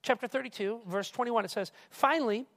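A male pastor preaching a casual, animated sermon who keeps asking the crowd questions. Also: very high-pitched, brisk. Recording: reverberant hall.

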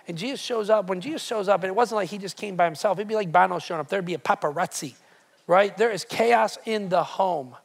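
With a high voice, a man delivers an emphatic sermon as pastor, repeating words again and again and questioning the congregation directly.

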